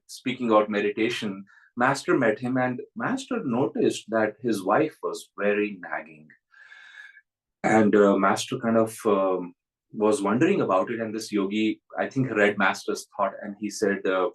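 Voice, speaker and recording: A man gives a spiritual talk in a steady, mid-pitched voice. He speaks reflectively as a teacher and drifts into storytelling with easy chuckles. His tone is unhurried and thoughtful. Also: rough recording.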